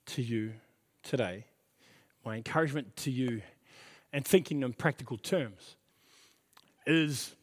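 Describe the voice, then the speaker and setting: A middle-aged man preaching a sermon as pastor, earnest and emphatic, repeating his key phrases. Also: medium pitch. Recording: reverberant hall.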